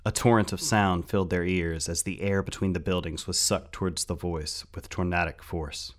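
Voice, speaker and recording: A man with a very deep, low voice narrates a story aloud. His reading is steady and tense, in the manner of a scripted audiobook.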